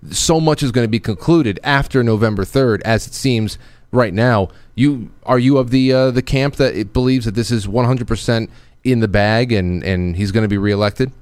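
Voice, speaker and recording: A male show host in casual political talk, halting and questioning, often restarting his sentences. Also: medium pitch, darkish tone, clean tone, no room sound.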